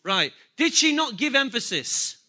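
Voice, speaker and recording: A male pastor with a high, bright voice preaches a sermon a little slowly and with animation. He repeats key phrases and puts questions to the congregation.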